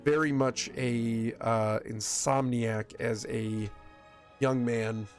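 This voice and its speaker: Slow and fairly even in intonation, a mid-range male voice plays over soft background music. He's a West Michigan man with a Michigan accent chatting casually with viewers while streaming a game, rambling and frequently restarting sentences.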